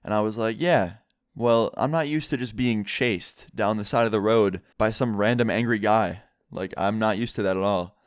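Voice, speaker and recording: A man's voice: on the low side, normal speed, hardly any pauses, smooth, no echo, clean studio sound. A young man casually telling a storytime tale to his viewers, chatty and full of fillers. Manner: chatty, filler-heavy retelling. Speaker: vlogger.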